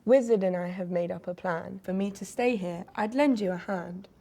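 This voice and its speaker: A woman voicing a tall, gentle young female werewolf who speaks softly and sounds hurt. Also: mid-range voice, moderate pace, vocal fry. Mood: hurt, pleading.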